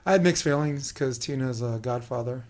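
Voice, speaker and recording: A middle-aged man with a New York accent, hosting a casual interview and talking fast and animatedly. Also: mid-range voice, a little mellow. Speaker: podcast host.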